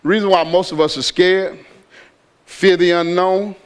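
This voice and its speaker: Man pastor, high voice, storytelling sermon style. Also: fairly even intonation, normal speed, clear, resonant tone. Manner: storytelling, building to shouted exhortation.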